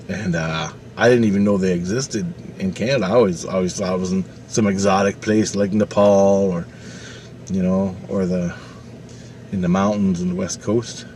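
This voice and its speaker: A man's voice: fairly low pitch, a little hiss or hum. Man telling a rambling story. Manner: rambling, animated, swears freely. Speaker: vlogger. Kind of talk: casual storytelling.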